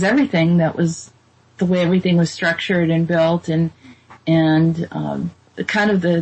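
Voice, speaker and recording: A woman's voice: fairly low pitch, a little mellow, slightly rough, poor audio. A woman from the Boston area hosting a casual chat, with a light Boston trace in an American accent; giggly and self-deprecating. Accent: General American with a trace of Boston. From Boston area, USA. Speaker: host.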